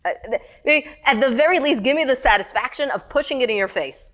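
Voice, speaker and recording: A middle-aged woman teaching a text-study class, animated and questioning her students. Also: a little high, fast talker.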